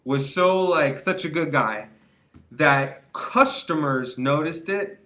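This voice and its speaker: A man's voice: on the high side, slow pace, sharp tone. A young man telling a rambling story in a casual vlog, full of restarts, with the quoted people acted out. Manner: rambling, repeats words, acts out quoted voices. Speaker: vlogger giving quit-weed advice.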